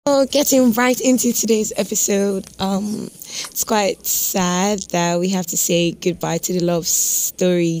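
A woman's voice: medium pitch, darkish tone. A young woman hosting a devotional podcast, talking earnestly and repeating her points for emphasis. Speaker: podcast host.

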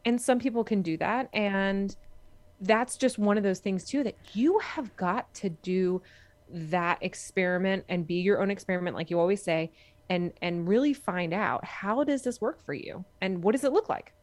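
A woman's voice: mid-range voice, moderate pace, a little mellow, no room sound. A woman co-hosting a podcast in casual chat, earnest and emphatic, repeating phrases for stress. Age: adult with a young son. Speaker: podcast co-host.

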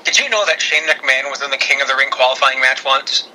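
A man's voice: medium pitch, fast, bright, forceful tone, slight background noise, poor audio. A man co-hosting a podcast, chatting casually in a joking, self-deprecating way. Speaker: podcast co-host.

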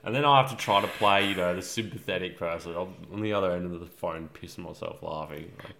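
Aussie bloke, super low voice, relaxed and dry, casual chat co-host. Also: male voice, fast, gravelly, slight background noise. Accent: Australian. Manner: laid-back, dry humor. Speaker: podcast co-host.

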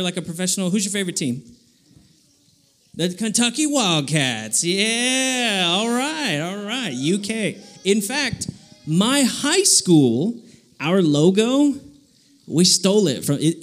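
A man giving a children's sermon, telling an animated story and asking the kids questions. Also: a little high. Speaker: children's speaker.

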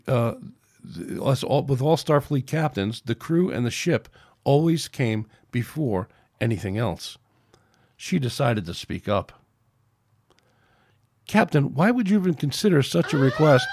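A man's voice: medium pitch, a little mellow, no echo, clean studio sound. A man reading his own science fiction story aloud as a podcast narrator, in a plain, unpolished way. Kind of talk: amateur audiobook narration.

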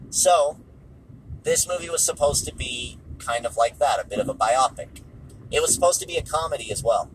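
A man's voice: medium pitch, a bit bright, a little hiss or hum, low-quality recording. A tired, hungry man hosting a casual solo podcast, offhand and dismissive, repeating himself, recorded in a car. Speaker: podcast host.

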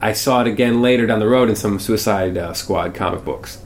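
A man hosting a casual film-review podcast, excitable and profane, tossing in voice impressions. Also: lowish voice, a little fast, slight background noise. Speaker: podcast host.

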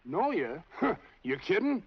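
Concerned, neighbourly man; high, animated, gravelly voice on a dull old film track. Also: slow, exaggerated voice. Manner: lively, neighbourly, worried. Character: friendly, concerned man searching for his friend.

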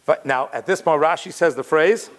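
A man teaching a Torah class in a lively, conversational way, weaving Hebrew quotations into plain talk. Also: a little high, moderate pace. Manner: animated, conversational, mixes Hebrew quotes in.

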